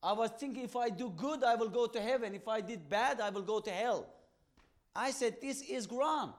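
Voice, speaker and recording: A man telling an evangelist's testimony, acting out both sides of his conversations in emphatic, halting, non-native English. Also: extremely high pitch. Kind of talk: testimony storytelling.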